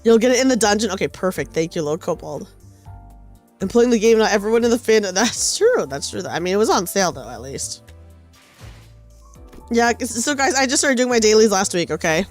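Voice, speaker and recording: A woman streaming a game, chatting casually with her viewers in a bubbly, excitable, giggly way. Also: medium pitch, fairly quick. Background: faint game music.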